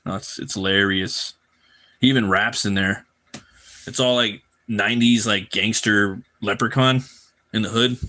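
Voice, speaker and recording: A man with a lowish voice talks casually through a live drawing stream. He rambles freely, swears easily and stumbles over repeated words. The delivery is loose and unscripted. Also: fairly even intonation, unhurried, sharp tone. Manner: loose, profane, rambling with frequent word repeats. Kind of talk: casual chat while drawing.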